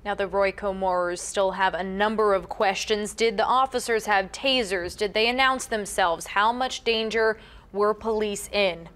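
Woman TV reporter, middle pitch, earnest package voice-over. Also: fairly even intonation, moderate pace, fairly bright tone. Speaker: news reporter. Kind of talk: scripted news report.

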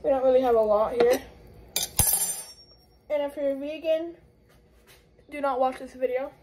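A woman's voice: high voice, normal speed, noisy background. A woman with the hiccups giving a rambling, chatty cooking tutorial in a home kitchen. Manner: rambling, chatty, self-correcting. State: has the hiccups. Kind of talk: casual cooking tutorial chat.

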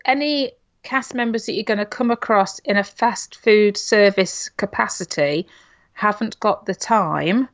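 A middle-aged English woman from Nottingham co-hosts a podcast, chatting casually with a mid-range, fairly bright voice. She's chatty and leans on "you know" and tag questions. The recording sounds dull and lo-fi.

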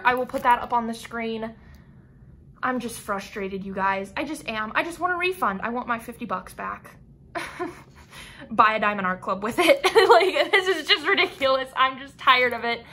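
Bright-voiced frustrated woman vlogger. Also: a little high, slight background noise. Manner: frustrated, sighing, rambling with restarts. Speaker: crafting vlogger. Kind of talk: casual unboxing vlog.

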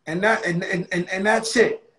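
A male host speaking in a heartfelt, halting way, pausing and restarting as he talks. His voice is a touch high and comes through with a roomy, echoey sound. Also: steady tone, fairly bright tone. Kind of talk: casual conversation.

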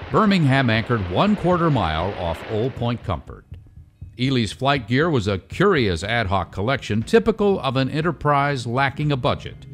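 Expressive male documentary narrator. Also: lowish voice. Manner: measured, storytelling delivery. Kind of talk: scripted narration.

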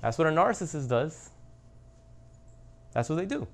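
A man's voice: a little high, very animated, moderate pace, creaky. A man hosting his own channel, talking straight to viewers in a casual monologue, blunt and emphatic, repeating his points for stress. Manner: speaks directly to the audience. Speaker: channel host.

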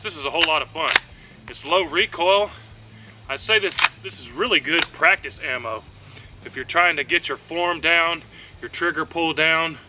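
Bright-voiced man narrating at a shooting range. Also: a little high, slight background noise. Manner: relaxed running commentary between shots. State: out of breath at times. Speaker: host of a shooting channel. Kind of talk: casual outdoor shooting vlog.

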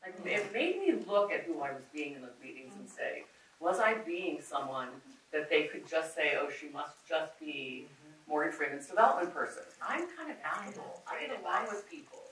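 A woman film producer telling a personal story on a conference panel, candid and animated, quoting others as she goes. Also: deep voice, moderate pace. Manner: candid, animated, quotes others in her retelling. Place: conference auditorium. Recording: echoey hall, far from the mic, faint noise.

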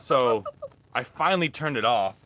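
Chatty young man with a bright voice. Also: mid-range voice, animated, moderate pace, slight background noise. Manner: rambling, chatty, restarts often. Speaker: thrift reseller vlogger. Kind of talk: casual live-stream haul chat.

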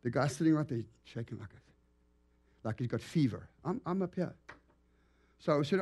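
A man preaching in a church as a guest evangelist, telling stories with lively, acted-out animation. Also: mid-range voice, a little fast, pauses often, husky. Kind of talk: storytelling sermon. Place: church sanctuary.

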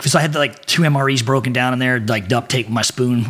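Husky, profane man telling war stories. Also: medium pitch, a little fast. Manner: profane, animated storytelling, acting out quotes. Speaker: podcast guest, former Marine and SEAL. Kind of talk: casual storytelling.

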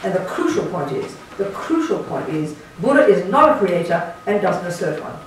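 In a meditation centre hall, a Buddhist nun delivers a blunt, emphatic dharma talk to retreat participants, adding sarcastic asides. Her voice is on the low side and sing-song, at a moderate pace, captured from far off in an echoey room with slight hiss.

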